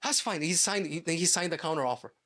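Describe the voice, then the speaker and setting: A middle-aged real estate agent tells a personal story in an interview, speaking quickly in a slightly high voice. He's a lively storyteller who acts out the quoted dialogue.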